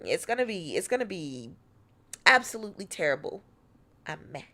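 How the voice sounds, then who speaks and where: A woman's voice: lowish voice, very animated, normal speed, bright, forceful tone. An American woman streaming and chatting casually, playful and teasing, swearing freely. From United States. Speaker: VTuber streamer.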